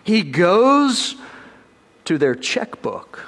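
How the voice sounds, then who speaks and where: A man preaching a sermon to his congregation, emphatic, slowing down and dropping low on key words, with touches of light humor. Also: very animated, a bit bright. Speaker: pastor.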